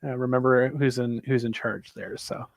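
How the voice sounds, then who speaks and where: A man co-hosting a casual chat show, giving a laid-back, upbeat pitch for the show's merchandise. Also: little pitch movement, moderate pace, dry recording. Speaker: podcast co-host.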